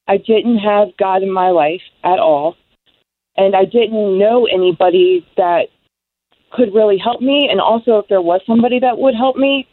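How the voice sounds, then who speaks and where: A young woman giving an emotional personal testimony of her recovery, halting with many ums. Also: fairly low pitch. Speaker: guest sharing recovery story. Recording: dry tinny phone-like sound.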